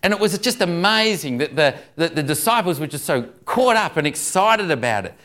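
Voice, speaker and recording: A man's voice: a little high, very animated, fairly quick, pushed and bright. A man preaching a sermon, telling jokes and stories and chuckling at the punchlines. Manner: jokey storyteller, chuckles through punchlines.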